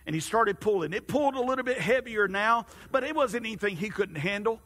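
Husky preacher telling a story. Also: male voice, high-pitched. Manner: animated, halting narration with repeated restarts. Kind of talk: sermon storytelling. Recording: long hall reverb.

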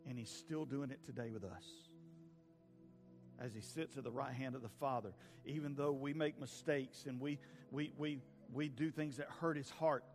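A man preaching a sermon, swinging from hushed pleading to loud fervent peaks. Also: medium pitch, measured pace, pauses often, soft background music. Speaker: pastor. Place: church sanctuary with a congregation.

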